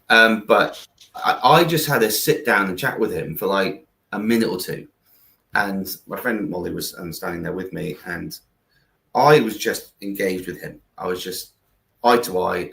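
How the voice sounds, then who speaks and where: Over a video call, this guest from England—founder of a kindness platform—rambles through stories in a conversational interview, full of restarts and fillers. He has a low-pitched, creaky voice, pushed and bright, heard in an echoey room.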